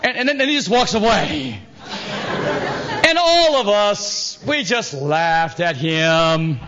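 A man preaching a sermon, telling stories with animated acted-out scenes and asking his listeners for assent. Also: high-pitched, takes it slowly, dull audio, slight background noise. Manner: animated storytelling, acts out scenes, asks the crowd for assent. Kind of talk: sermon with anecdotes.

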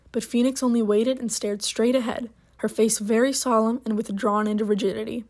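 A woman reads a short story aloud, measured and unhurried. Her voice sits a little higher than most. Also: fairly even intonation, a little mellow. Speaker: narrator.

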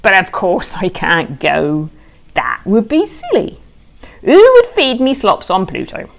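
A woman reads her own children's diary-story aloud in a playful, childlike narrator voice. Her pitch leaps and swoops with delight, then drops low for secrets. She tells it with cheerful, deliberately broken grammar. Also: sing-song, vocal fry, slight background noise. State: tearful at moments. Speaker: author reading her own book.

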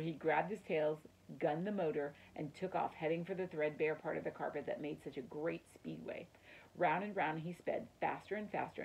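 A woman's voice: low voice, creaky, slight background noise, poor audio. A woman reading a children's chapter book aloud as a teacher would, telling it expressively for children. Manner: expressive storytelling, addresses children. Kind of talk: children's story read-aloud.

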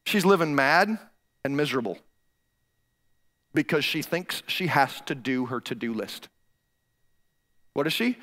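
A man preaching a sermon in a high, lively voice. He is emphatic and animated, hammering his points home by repeating them. His tone is bright and forceful, aimed at a congregation. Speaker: pastor. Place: church stage.

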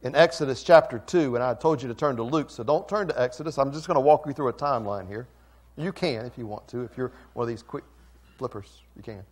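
A man preaching a sermon as pastor, emphatic, swinging from quiet asides to loud calls and repeating phrases for emphasis. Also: mid-range voice, fast, husky.

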